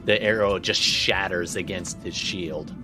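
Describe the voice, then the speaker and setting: A man's voice: low voice, unhurried, loud music behind the voice. A man narrating as game master of a tabletop game, descriptive with frequent restarts.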